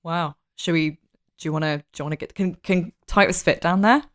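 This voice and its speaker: A woman's voice: fairly low pitch, brisk. A woman playing a tabletop game, chatty and giggly in casual banter. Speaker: player.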